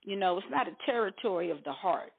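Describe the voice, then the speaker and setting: A woman's voice: mid-range voice, lively intonation, quick pace, gravelly, slightly rough. A woman co-hosting a casual talk show, speaking in a preachy way and acting out quoted voices. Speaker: co-host. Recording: tinny phone-like audio.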